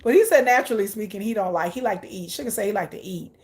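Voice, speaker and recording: A woman's voice: mid-range voice, animated, very fast, a little mellow. A woman vlogger chatting casually, gushing and laughing often while reacting aloud to viewer comments. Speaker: K-pop vlogger. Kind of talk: casual chat.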